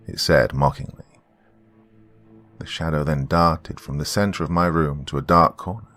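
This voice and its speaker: A man hosting a horror podcast, narrating a first-person horror story in a slow, brooding way. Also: extremely low pitch, steady tone, fairly bright tone, soft background music.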